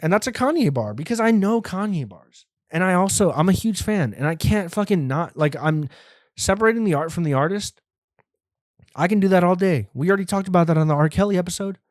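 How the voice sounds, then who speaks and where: A man's voice: high voice, animated, a little fast, dry recording. Guy in his twenties hosting a comedy podcast, rambles and swears, acts out little scenes, dry mic. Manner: profane, riffing, acts out imagined scenes.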